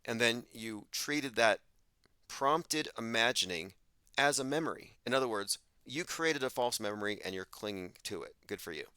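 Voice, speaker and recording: A man's voice: medium pitch, expressive, normal speed, pushed and bright, clean tone, no room sound. A man hosting a live call-in show, talking bluntly and dismissively in a lecturing way.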